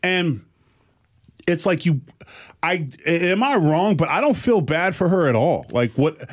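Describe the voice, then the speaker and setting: A man's voice: fairly high pitch, unhurried. A man in casual podcast chat, telling stories animatedly and acting out the people in them. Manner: animated storyteller, acts out quotes.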